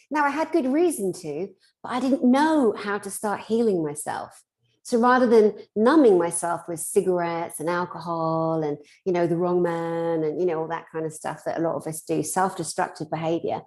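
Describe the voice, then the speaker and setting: A woman's voice: lowish voice, a little mellow. A Scottish woman, a spiritual therapist, giving a heartfelt motivational talk in a blunt, impassioned way with mild swearing.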